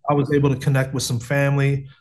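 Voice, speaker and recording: A man's voice: mid-range voice, completely flat delivery, quick pace, a little mellow. An earnest man in his thirties from the United States tells his story on a video call. He talks casually, with plenty of restarts and slang like "man" and "bro". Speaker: guest sharing testimony. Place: home setup on a video call.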